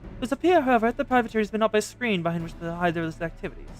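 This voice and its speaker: A man voicing a formal male military envoy, reading game dialogue aloud in a measured tone. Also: high voice, animated, soft background music, pitched above the performer's own voice. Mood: grave.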